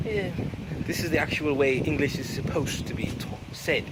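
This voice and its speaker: A man putting on a posh, proper English-speaking gentleman's voice in mock-refined fashion. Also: fairly high pitch, moderate pace, very noisy, natural voice.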